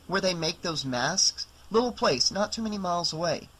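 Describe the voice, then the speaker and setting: A woman's voice: on the low side, lively intonation, moderate pace, a bit bright, husky, poor audio. A man reading an audiobook, voicing a determined, defensive young woman who talks in clipped, insistent bursts.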